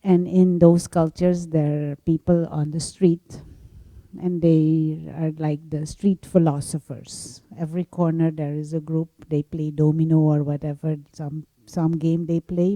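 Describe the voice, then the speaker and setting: A woman meditation teacher telling a story in a gentle spiritual talk, laughing softly now and then. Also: low-pitched, little pitch movement, dry recording. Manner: slow, gentle storytelling with frequent soft laughs.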